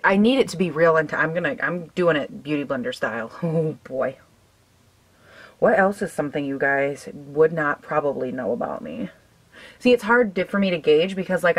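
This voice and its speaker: A young woman in her twenties chatting casually while doing her makeup, filling her talk with "like" and "um" and laughing often. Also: deep voice. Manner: chatty, giggly, lots of "like" and "um". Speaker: beauty vlogger.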